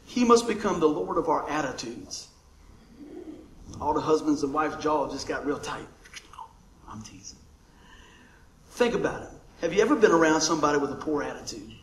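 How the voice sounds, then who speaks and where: High-voiced jokey man preaching a sermon. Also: moderate pace, long pauses. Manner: jokey, animated, laughs often. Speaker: pastor. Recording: echoey room with faint noise.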